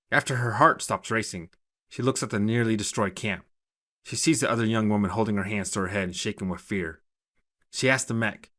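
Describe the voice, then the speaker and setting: Low-voiced man narrating a story. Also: brisk, sharp tone. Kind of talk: scripted narration.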